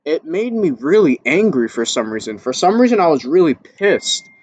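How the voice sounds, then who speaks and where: An amateur boxer tells a candid, casual story to the camera, swearing freely. He's very animated and talks at a normal speed, his voice climbing higher and louder as he relives his panic.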